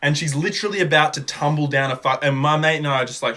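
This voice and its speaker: A man co-hosting a casual podcast, telling a story in an animated way and swearing freely. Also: on the high side, quick pace. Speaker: podcast co-host. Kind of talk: casual chat.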